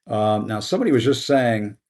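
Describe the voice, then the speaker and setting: A man's voice: fairly low pitch, expressive, a little fast, a little mellow. A middle-aged man hosting a news show, moving between casual talk with fillers and impassioned commentary built on a repeated rallying phrase. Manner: conversational, with fillers. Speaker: host. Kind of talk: passionate news commentary monologue.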